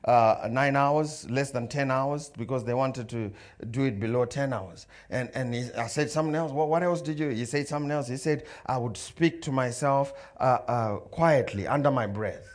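A man's voice: medium pitch, moderate pace. A man preaching a sermon, telling stories and acting out dialogue and the voices of others. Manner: storytelling, acts out dialogue and crowd voices. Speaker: pastor.

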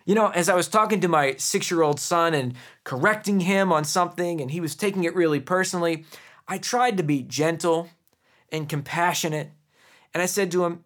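A man in his thirties hosting a podcast, reading scripture and telling personal stories in an earnest, measured sermon style. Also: fairly high pitch, fairly bright tone. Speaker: podcast host and Bible teacher.

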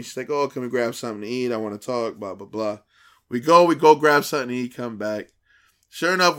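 A man co-hosting a podcast, telling a dating story in casual, profane slang and acting out the quoted dialogue with lively shifts. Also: medium pitch. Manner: animated, acts out quoted dialogue; profane, slangy street talk.

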